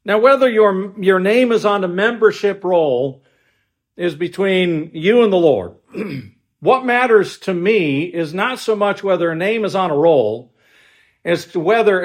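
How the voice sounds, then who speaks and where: High-voiced man preaching a sermon. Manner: measured preaching with frequent restarts and asides. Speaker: pastor.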